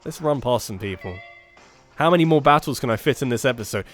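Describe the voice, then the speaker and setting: A man's voice: medium pitch, expressive, brisk, a bit bright. A young man giving jokey, self-mocking commentary as he plays through a game, swearing casually. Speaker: gaming YouTuber. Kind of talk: let's play commentary, reading game dialogue in put-on voices. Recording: faint game music behind.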